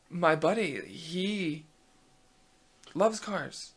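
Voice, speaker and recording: A man's voice: mid-range voice, moderate pace, creaky. A man in his twenties hosting a casual chat, rambling with lots of fillers and restarts and telling stories with animation. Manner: chatty, many fillers and restarts, animated storytelling. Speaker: host.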